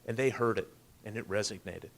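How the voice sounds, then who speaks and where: A man's voice: on the low side, a little fast, vocal fry. A man, a congressman, giving a political speech with earnest storytelling and emphatic rises.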